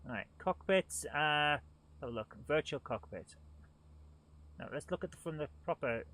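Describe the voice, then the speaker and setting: A man's voice: on the high side, lively intonation, measured pace, sharp tone. Exasperated man on a game stream. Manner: exasperated, grumbling. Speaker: live stream host. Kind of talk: live gameplay commentary.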